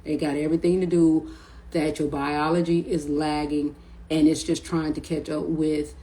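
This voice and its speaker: Slangy, rambling middle-aged woman, low voice. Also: flat delivery, moderate pace, dark tone, rough recording. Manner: rambling, repeats words, slangy. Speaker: spiritual vlogger. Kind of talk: casual spiritual talk to camera.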